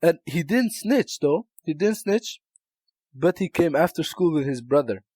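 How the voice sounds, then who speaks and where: A young man from Albania co-hosting a casual podcast, his voice sitting a little high and sounding dry and close. He tells animated stories, swears freely and keeps breaking into laughter. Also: a little slow, breathy edge, dry recording. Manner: animated storyteller, swears a lot, laughs often. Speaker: podcast co-host. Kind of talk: casual chat, storytelling.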